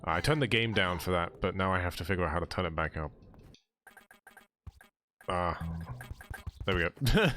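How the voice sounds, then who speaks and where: With game music in the background, a young adult man with a British accent jokes his way through a speedrun in a laid-back live stream, explaining tricks as he goes. His voice is low-pitched and sharp in tone, with lively intonation, a moderate pace and long pauses.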